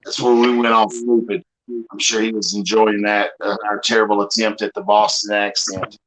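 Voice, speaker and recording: A man's voice: fairly low pitch, little pitch movement, normal speed, a bit bright, low-quality recording. A man with a Southern accent chatting casually on a group livestream, rambling and folksy, swearing freely.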